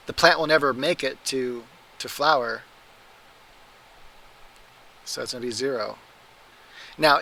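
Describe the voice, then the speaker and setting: A man chats loosely through viewer questions on a livestream, restarting sentences and tripping over his own words. His voice is bright and forward, sitting at an ordinary pitch. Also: poor audio. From Oregon, US. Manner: rambling, self-correcting, laughs at his own mistakes. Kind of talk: casual livestream chat.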